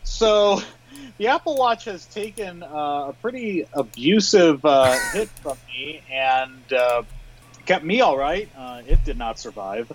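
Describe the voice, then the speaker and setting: Measured man in casual tech chat. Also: on the high side, expressive, slight background noise, low-quality recording. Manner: thoughtful, measured, with frequent "uh" fillers. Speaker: podcast co-host.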